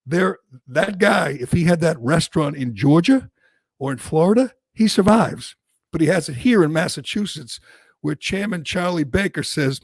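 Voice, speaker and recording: A man hosting a political talk show, ranting and mocking in angry, loud bursts. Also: a little high, animated, normal speed, no room sound. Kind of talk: heated political talk radio rant.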